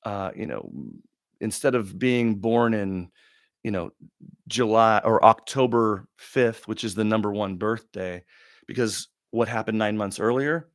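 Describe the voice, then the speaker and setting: A middle-aged man from Oregon hosting a livestream Q&A, talking in a rambling, confessional way with pauses and restarts. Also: fairly low pitch, expressive, dry recording, clean studio sound. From Oregon, USA. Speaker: livestream host. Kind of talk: casual livestream Q&A monologue.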